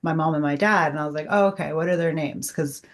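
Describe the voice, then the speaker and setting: A middle-aged woman, a guest medium, telling an animated personal story in casual chat and acting out the dialogue. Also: deep voice, fast. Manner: animated, heavy use of "like", acts out quoted dialogue.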